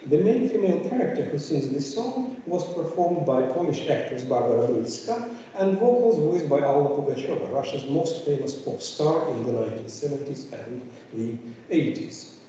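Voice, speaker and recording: A man giving an academic conference lecture, pausing often with fillers as he explains. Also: on the high side, animated, dark tone, slight background noise. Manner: hesitant, many filler pauses. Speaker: conference speaker. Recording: echoey, distant, dull room recording.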